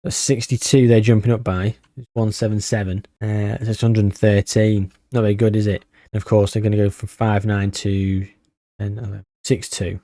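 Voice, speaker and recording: A man commentating casually on his own video game session, chatty and wry, tired and thinking out loud. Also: fairly low pitch, little pitch movement, normal speed, dry recording, studio quality. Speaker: gaming YouTuber.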